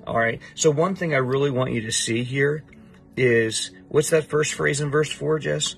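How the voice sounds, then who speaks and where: A man's voice: mid-range voice, moderate pace, gravelly, faint music behind. A middle-aged man teaching a Bible passage to a student, emphatic and repeating his points.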